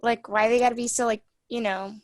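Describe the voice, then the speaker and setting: A woman's voice: a little high, steady tone, a little fast. A woman student in a classroom, chatting casually and filling her talk with "like" and quoted reactions.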